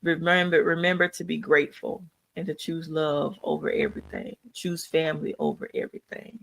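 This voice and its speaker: A woman's voice: deep voice, very animated, fairly quick, creaky, hardly any pauses, a bit bright. A woman hosting a live podcast, speaking in an earnest, encouraging, preacherly way, with speech. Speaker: podcast host. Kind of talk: live podcast tribute talk.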